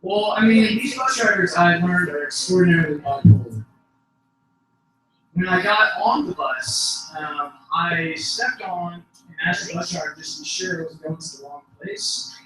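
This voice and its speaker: A young man doing open mic stand-up, rambling through stories and breaking into shouted outbursts. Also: high voice, normal speed, slight background noise. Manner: rambling storytelling that bursts into shouted outbursts and laughs at his own jokes. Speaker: stand-up comedian. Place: small comedy venue. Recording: echoey venue recorded from far off.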